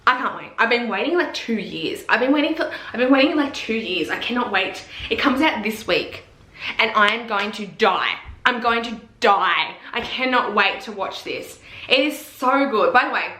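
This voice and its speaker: A woman's voice: on the high side, normal speed. Gushing, foul-mouthed woman vlogger. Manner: gushing, profane, excitable. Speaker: vlogger reviewing TV series. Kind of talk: casual chat to camera. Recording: echoey room.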